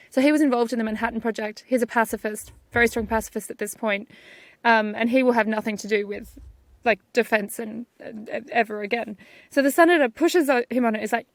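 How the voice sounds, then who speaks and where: A higher-pitched woman talks as a guest physicist, recounting history with lively animation and quick bursts of laughter. Her voice sits dry and close, with no room sound around it. She speaks in a relaxed, conversational way. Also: no echo. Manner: animated storytelling with frequent light laughs. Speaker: guest, particle physicist and author. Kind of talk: conversational interview.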